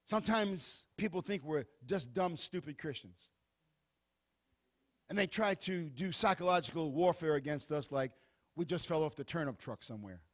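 A man preaching a sermon who tells the scripture story in an animated, playful way. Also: fairly high pitch, normal speed.

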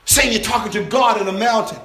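A man preaching a sermon to a responsive congregation, impassioned and swinging between loud exhortation and hushed intensity. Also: high-pitched, a little fast. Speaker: pastor. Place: church sanctuary with congregation. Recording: roomy church reverb.

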